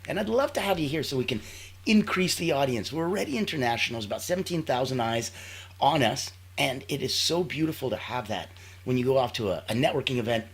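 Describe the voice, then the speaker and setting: A man's voice: mid-range voice, lively intonation, fast, slightly rough. A man hosting a live online show in an upbeat, playful way, with sound-effect interjections. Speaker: show host.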